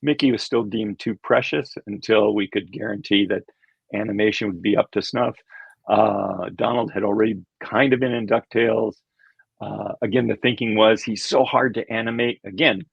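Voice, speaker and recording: A man's voice: fairly low pitch, vocal fry, breathy edge, no room sound. An older man, an animation creator, telling rambling anecdotes in a casual interview, chuckling and acting out quoted voices. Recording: dull lo-fi sound.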